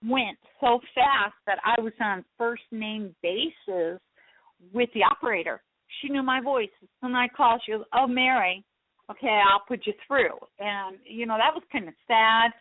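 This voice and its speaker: A woman hosting a radio show, talking in a soft, hesitant way with many fillers. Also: on the high side, dry recording. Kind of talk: casual radio talk. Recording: dry, tinny phone line.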